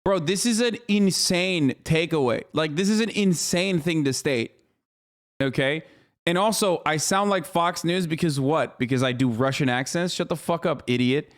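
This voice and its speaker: A man's voice: fairly high pitch, normal speed. A man streaming a reaction to a news clip, ranting in an exasperated, profane way. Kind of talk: heated reaction commentary.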